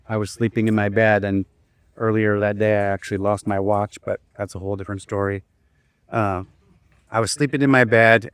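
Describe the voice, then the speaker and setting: A man's voice: on the low side, no room sound. Casual man telling a story, dry sound. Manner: casual, conversational, with frequent fillers and restarts; leads the group in slow breathing. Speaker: speaker at a wellness event. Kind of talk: personal storytelling talk to a live group.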